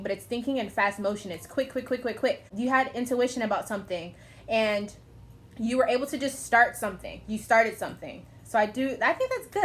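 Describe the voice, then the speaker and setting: A woman's voice: medium pitch, slight background noise. A woman giving a casual, chatty tarot reading to camera, effusive and talking in loose asides. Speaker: tarot reader.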